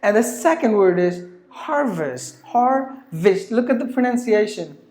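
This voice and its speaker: A woman's voice: mid-range voice, very animated, moderate pace, darkish tone, echoey room. A woman teaching pronunciation, repeating each word several times with many fillers. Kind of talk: online pronunciation lesson.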